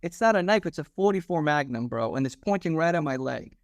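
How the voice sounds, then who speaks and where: A man in his thirties, a former police officer guesting on a podcast, telling a story casually in a slangy, animated way and acting out the dialogue. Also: a little high, fairly quick, no room sound, studio quality.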